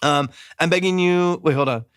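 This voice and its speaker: A male music producer offers casual live critique of a mix, hedging, repeating words and scatting melodies with da-da sounds. His fairly high, fairly bright voice is clear and resonant at a normal speed, recorded cleanly in a studio with no room sound.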